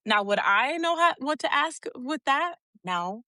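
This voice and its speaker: A woman's voice: sits high, measured pace, no room sound. A woman co-hosting a podcast, telling a long story in casual chat, acting out what people said and laughing often. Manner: animated storyteller, acts out quotes, laughs often. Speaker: podcast co-host.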